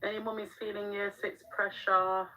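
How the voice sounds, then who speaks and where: A woman's voice: medium pitch, flat delivery, normal speed, bright, forceful tone, slight background noise, poor audio. A middle-aged woman, chatting frankly on a live stream as a mum, laughing often and answering the chat. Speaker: livestream host and mum. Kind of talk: casual live-stream chat reading viewer comments.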